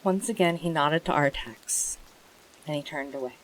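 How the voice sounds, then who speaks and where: A streamer reading a bedtime story aloud and chatting with viewers, in a gentle, emotional way. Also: medium pitch, moderate pace, a little hiss or hum, poor audio.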